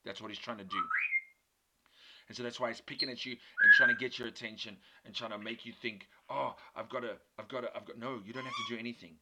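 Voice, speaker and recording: A man's voice: mid-range voice, steady tone, fast talker. A man giving an earnest, emphatic sermon built around a personal story. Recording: loud background noise.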